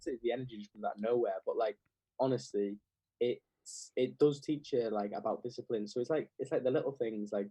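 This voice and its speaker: A man's voice: medium pitch, brisk, dark tone, slightly rough, no echo, rough recording. A young man, chatting casually as a podcast guest and scattering "like" through his sentences. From England. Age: young adult. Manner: rambling, heavy with "like" fillers. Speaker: clothing brand founder, guest.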